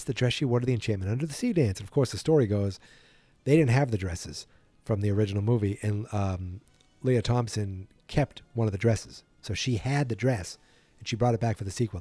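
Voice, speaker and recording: A man's voice: fairly low pitch, mellow, dry recording. A man hosting a podcast, retelling a film from memory in a rambling, self-correcting way and yawning as he goes. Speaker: podcast host.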